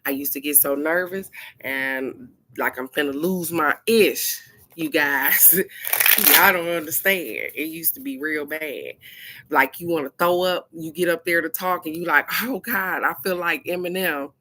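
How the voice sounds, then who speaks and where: A woman's voice: sits low, a little slow. A woman hosting a casual talk, telling stories animatedly and speaking straight to her viewers with frank, casual swearing. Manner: animated storytelling, addresses viewers directly. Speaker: host of a card-of-the-day talk. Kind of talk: casual chat.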